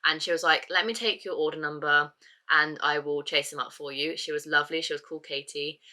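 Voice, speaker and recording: A woman chats to a handheld camera in a casual vlog, gushing and easily excited. Her voice sits slightly low but has a sharp, very bright edge. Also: fairly quick. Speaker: vlogger.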